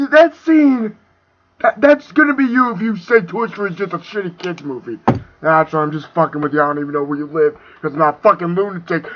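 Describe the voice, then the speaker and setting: A young man ranting angrily about a movie, profane and swinging between shouting and muttering. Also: sits high. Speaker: video reviewer. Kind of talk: angry movie rant. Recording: dull lo-fi home recording.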